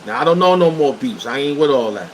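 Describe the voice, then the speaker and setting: Quick-paced and lively in intonation, a mid-range-voiced man from Brooklyn tells stories on his livestream using blunt street slang and a New York accent. It's casual storytelling for viewers, with air conditioner hum in the background.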